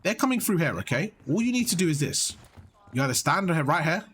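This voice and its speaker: A young man giving blunt, animated coaching on gameplay, swearing freely as he explains. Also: fairly high pitch, quick pace, a little hiss or hum. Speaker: gaming coach. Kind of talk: casual coaching over gameplay.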